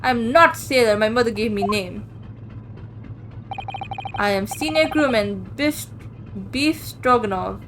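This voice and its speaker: A woman's voice: a little high, takes it slowly, long pauses, noisy background. Woman doing a surly sailor. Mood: gruff. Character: gruff, surly burly male sailor guard. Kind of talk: reading a visual novel aloud.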